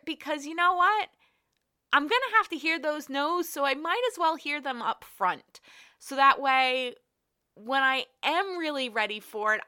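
A middle-aged woman, a health coach hosting her own podcast, telling candid stories in a casual, animated way and acting out what she said. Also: on the high side. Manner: candid, animated storytelling with quoted asides. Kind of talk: casual solo podcast monologue.

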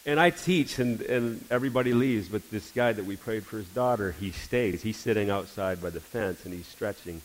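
Low-voiced man. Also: normal speed, hardly any pauses, a little hiss or hum, low-quality recording. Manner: storytelling, acting out dialogue. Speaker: church speaker giving a testimony. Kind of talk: testimony sermon.

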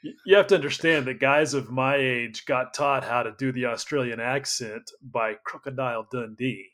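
A man's voice: mid-range voice, normal speed, a bit bright. American man bantering casually. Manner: loose, swearing banter. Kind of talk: casual podcast chat.

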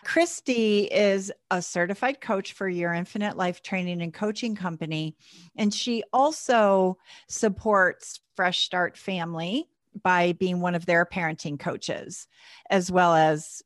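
Chatty woman podcast host, low voice. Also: measured pace, no room sound, studio quality. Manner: upbeat, chatty, laughs often. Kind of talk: podcast interview.

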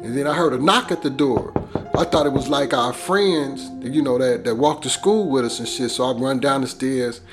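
With music playing in the background, a man in a mid-range voice at normal speed recounts a traumatic memory from his childhood. His personal storytelling is casual, conversational, vivid, and full of profanity.

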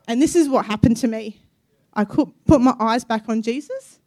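A fairly high-voiced woman in her thirties gives a personal testimony sermon. She sounds earnest and emotional, with soft hesitations between phrases. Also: normal speed. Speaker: guest preacher.

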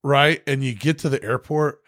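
This podcast host, with a medium-pitched voice at normal speed, keeps the chat casual, spinning animated stories full of swearing and frequent laughter. The studio-quality recording has no room sound.

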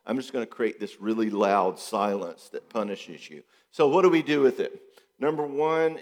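In a mid-range voice with a big-room echo, a middle-aged psychologist discusses relationships in a relaxed way. He performs quotes in voices, poses one rhetorical question after another, and repeats himself for emphasis, all with lively energy.

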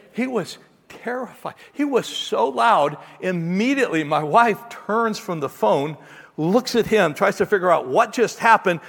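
A middle-aged male pastor delivers a sermon through an animated personal story, slipping into other people's voices as he goes. His voice sits a little high and has a gravelly edge. The sound carries the long echo of a hall. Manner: animated storyteller, acts out voices, ends in quiet prayer.

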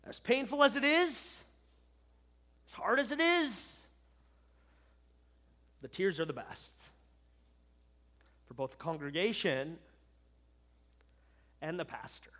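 A man who is a pastor, preaching a farewell sermon with emphasis, moving from loud declarations to hushed words and often checking in with "right?". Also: high voice, expressive, takes it slowly, pauses often. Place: church sanctuary. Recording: long reverb of a large hall.

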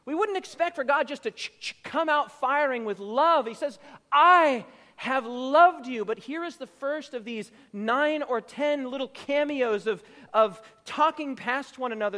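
A man preaching a sermon as pastor, building emphasis through repeated phrases and stretching out his quotations slowly. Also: very high voice, a bit bright. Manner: preaching with rising emphatic repetition; slow drawn-out quotations. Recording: reverberant hall.

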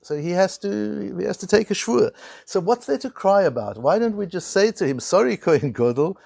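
A man giving a Torah lecture in a dry, close-sounding recording, his gravelly voice sitting a little high and swinging widely in pitch. He keeps posing rhetorical questions and slipping into quick acted-out scenes to press his point. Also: lively intonation, darkish tone, dry recording. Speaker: Torah teacher.

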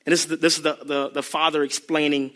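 Bright, high-voiced preacher man. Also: fast talker. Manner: animated, acts out bits, laughs. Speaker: youth ministry speaker. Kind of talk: sermon.

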